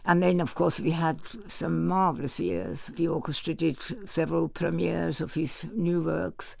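An older man who once managed an orchestra reminisces in an interview, warmly telling anecdotes and quoting other people's voices. His very gravelly voice runs on the high side, with a level tone and measured pace.

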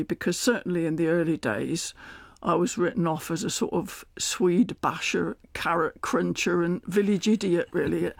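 A man's voice: sits high, creaky, no echo. An older man with a West Country accent, chatting as a radio interview guest and laughing often as he tells stories. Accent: West Country English.

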